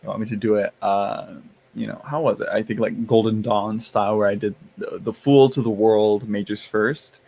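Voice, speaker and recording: At a normal speed, a tarot streamer speaks in a lowish, steady, creaky voice that's a little mellow. He's tired and casual on his live stream, rambling with many fillers and restarts and yawning at times. His chat gets playful sass, and he calls them y'all and honey.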